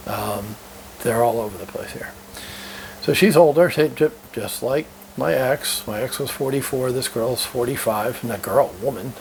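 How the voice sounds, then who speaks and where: A middle-aged man tells his story in a loose, blunt way, swearing and laughing now and then. His voice has a gravelly fry to it. There is a faint hiss under the recording. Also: medium pitch, low-quality recording. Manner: blunt, profane, laughing between remarks. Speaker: vlogger. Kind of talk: casual monologue. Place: living in Thailand.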